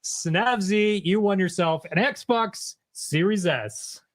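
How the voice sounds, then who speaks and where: A man's voice: high voice, takes it slowly, a crowd in the background. Upbeat joking man hosting a stream. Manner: upbeat and joking, laughs often. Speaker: livestream host. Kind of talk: casual livestream chat.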